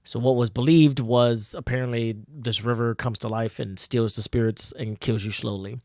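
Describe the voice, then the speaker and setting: A man's voice: mid-range voice, steady tone, normal speed, a little mellow, no echo, studio quality. A man casually commenting on his own old comic, self-mocking and full of fillers. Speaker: comic artist and channel host.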